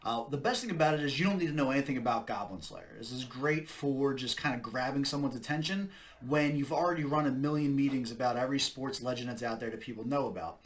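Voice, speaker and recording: A man's voice: mid-range voice, fast talker. A young man hosting a casual talk on running marketing meetings. He speaks in an easy, conversational way and drives his points home with emphatic, punchy repetition.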